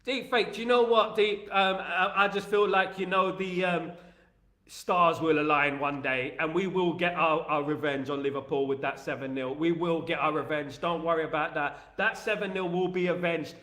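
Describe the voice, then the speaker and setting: A man's voice: fairly high pitch, normal speed. Chatty East London man with an echo. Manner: animated, reads viewer comments aloud and riffs on them. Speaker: livestream host. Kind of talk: casual live-stream chat.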